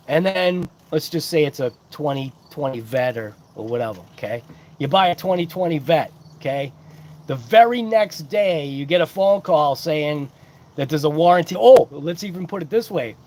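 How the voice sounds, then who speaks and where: On this relaxed unboxing livestream about his hobby, a man with a high-leaning, darkish voice talks at normal speed. He wanders from topic to topic and greets people in chat by name.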